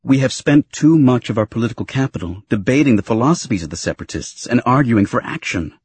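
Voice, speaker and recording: Earnest worried senator, read by a man: husky, urgent, reasoned pleas, audiobook. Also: mid-range voice, animated, quick pace, darkish tone.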